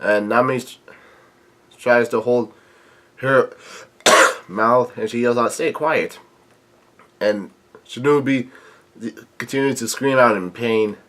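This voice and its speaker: A man hosting a manga reaction, reading a chapter aloud with his own remarks. He talks haltingly, with frequent restarts and fillers. He reads the characters' lines flatly. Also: medium pitch, slight background noise.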